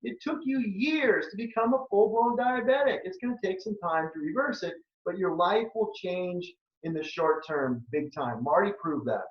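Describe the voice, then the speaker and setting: A man's voice: sits high, moderate pace, few pauses. A man in his fifties from Minnesota, a functional medicine doctor giving a webinar, talking earnestly and with emotion, repeating phrases for emphasis. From Minnesota, United States. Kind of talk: webinar presentation, personal story and pitch. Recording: echoey, distant, muffled room sound.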